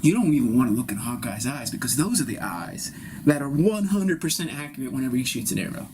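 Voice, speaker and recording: A man improvising a comic monologue in a rambling, conspiratorial way, dropping profanity as he goes. His voice sits mid-range. A steady background noise runs under the whole live-streamed take. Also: medium pitch, fast. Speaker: improv performer. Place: live-streamed solo performance.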